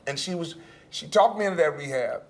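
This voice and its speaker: A male panelist telling a candid personal story, laughing and acting out quotes in a high voice. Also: fairly quick.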